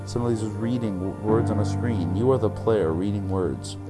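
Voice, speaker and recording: A man's voice: lowish voice, fairly quick. A man hosting a game session, reading the game's text aloud and often stumbling and giggling over the words. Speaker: channel host. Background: game music.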